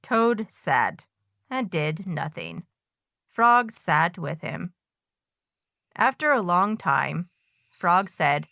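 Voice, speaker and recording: A woman reading a children's story aloud in a gentle, measured way. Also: fairly low pitch, very animated, gravelly, dry recording.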